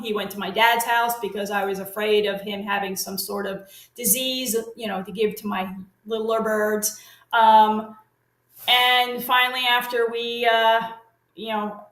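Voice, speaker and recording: Here a middle-aged woman guest, who works as a parrot consultant, spins long casual stories, restarting often and filling gaps with fillers. Her voice is a little high and a touch bright. It's a rough recording in an echoey room.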